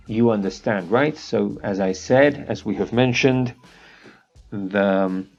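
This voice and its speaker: A man teaching an architecture course, walking through a software demo in a relaxed way, thinking aloud with fillers. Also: lowish voice, highs cut off. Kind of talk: screen-share software tutorial.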